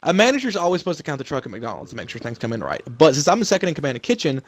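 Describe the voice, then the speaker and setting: A man's voice: a little high, very animated, racing, no room sound. A young man in casual chat, telling a heated, swear-filled story about trouble at his job. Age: young adult. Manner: profane, heated venting. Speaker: storyteller venting about work.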